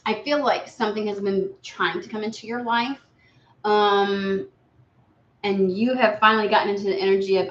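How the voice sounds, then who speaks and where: A woman giving a casual live tarot reading, blunt and profane, lively and often slipping into quoted voices. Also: mid-range voice, normal speed. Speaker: tarot reader. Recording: echoey room, dull lo-fi sound.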